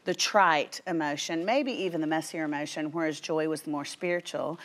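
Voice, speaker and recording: A woman in her fifties with a Southern US accent, a guest author telling stories on a faith talk show in an animated way. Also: low voice, fairly quick. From Tennessee. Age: 50s. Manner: animated storyteller who quotes voices. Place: TV studio.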